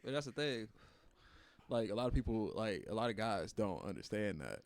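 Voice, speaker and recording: A man filling in as guest on a podcast, speaking frankly and earnestly, mostly in a low-key way. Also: sing-song, moderate pace, dry recording. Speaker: guest co-host. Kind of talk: casual chat.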